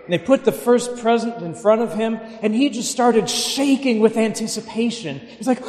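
A Catholic clergyman reading the Gospel in a measured, solemn way, then telling lively anecdotes in his homily. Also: high-pitched. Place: large church. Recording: echoey church with long reverb.

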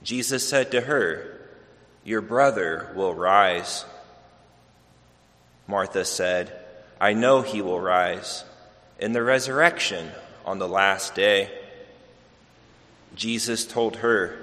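A man reading the gospel aloud at a church service in a measured, solemn way. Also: lowish voice, fairly bright tone. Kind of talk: liturgical scripture reading. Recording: long church reverb.

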